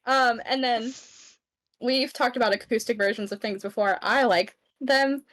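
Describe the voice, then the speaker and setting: A young woman co-hosting a podcast, easygoing and quick to laugh as she steers the talk. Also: a little high, steady tone, a bit bright, rough recording. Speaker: podcast co-host. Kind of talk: casual chat.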